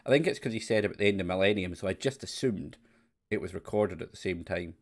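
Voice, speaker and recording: A deep-voiced man talks fast as he plays a classic adventure game, chatting casually and mocking its voice acting. He's a let's play streamer giving laid-back commentary.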